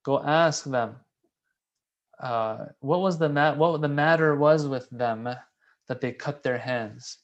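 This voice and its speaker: A man giving a casual, conversational religious lecture, animated and repeating key phrases for emphasis. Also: medium pitch, slow, muffled recording. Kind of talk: casual sermon explaining a classical text.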